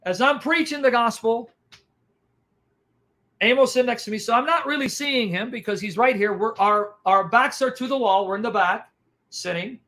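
An animated man recounting a gospel testimony, bouncing between hushed asides and sudden bursts. His voice is high and bright with a tense edge. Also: moderate pace. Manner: animated, dramatic, acts out reactions. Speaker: evangelist. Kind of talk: testimony storytelling.

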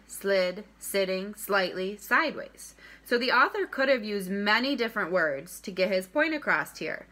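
A woman teacher talks to young children in a clear, bright voice, taking her time over each point. She stresses key words and says them again so they sink in. Her pitch sits in an ordinary middle range. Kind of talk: recorded classroom lesson for children.

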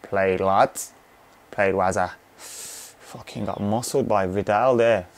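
The voice is a young man's, on the low side, steady and unhurried. While playing a video game he chats casually about the action, cheering it on and swearing at it like a gaming commentator.

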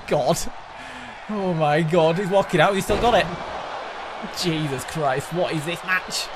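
A man co-hosting a wrestling video game, reacting with loud excitement and laughter as he plays. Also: a little high, measured pace, crowd noise, background noise. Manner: animated, yelling and laughing at chaos. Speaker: gaming co-host. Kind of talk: excited gameplay commentary.

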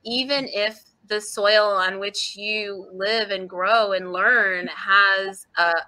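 A woman's voice: medium pitch, takes it slowly, rough recording. A woman in her forties, a book author talking as a podcast guest, telling stories expressively and laughing readily. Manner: expressive, laughs readily, acts out quoted voices. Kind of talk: animated conversational storytelling.

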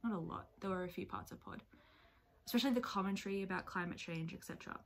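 A woman book vlogger talking casually to camera in a reaction video, expressive and chatty, swearing freely. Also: medium pitch, fast talker. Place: at home with her dog nearby.

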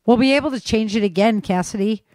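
A woman's voice: a little high, quick pace, a little mellow, dry recording, voice pushed up, lightly acted. A woman reading a cold, pragmatic man. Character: stern pragmatic male official.

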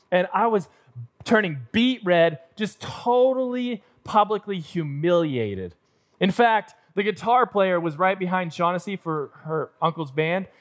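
Young male pastor, high-pitched, animated and self-mocking storyteller at a church service. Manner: self-deprecating, animated storyteller acting out scenes. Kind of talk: sermon storytelling. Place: church auditorium.

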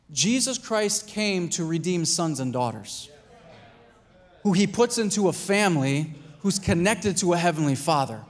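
A pastor preaching a sermon in a conversational way, acting out little scenes and asking "right?" and "Amen?". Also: male voice, high-pitched. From United States. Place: church hall.

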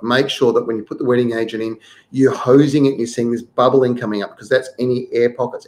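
A man's voice: medium pitch, darkish tone. A middle-aged man, hosting a live gardening show. He reads viewers' questions aloud and then gives practical advice.

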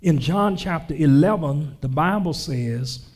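A male pastor preaching a sermon, reading scripture slowly and dramatically with comic asides. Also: fairly high pitch, lively intonation, a little mellow.

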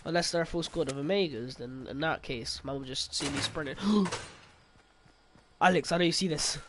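A man's voice: a little high, moderate pace, a little hiss or hum. A young man commentating his game casually, swearing and laughing with friends. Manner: excitable, swears, bursts into laughter. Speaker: gaming YouTuber.

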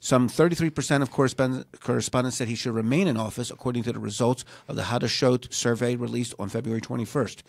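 A man with a gravelly, creaky voice co-hosts a casual news show and reads items aloud in a relaxed, joking way. His voice sits at an ordinary middle pitch. It sounds close and dry, with no room echo. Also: fast talker, few pauses. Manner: reads news items, jokes and laughs often. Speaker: co-host.

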